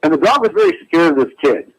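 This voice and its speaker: Male radio caller on a phone line, excitable storyteller, husky, higher-pitched. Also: fast. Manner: excitable, acts out quotes. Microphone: telephone.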